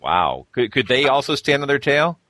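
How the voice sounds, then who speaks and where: A man's voice: medium pitch, big pitch swings, normal speed, sharp tone, no echo. A man co-hosting a podcast, chatting casually and joking with laughs. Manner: jokey, laughs often. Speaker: podcast co-host. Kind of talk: casual chat.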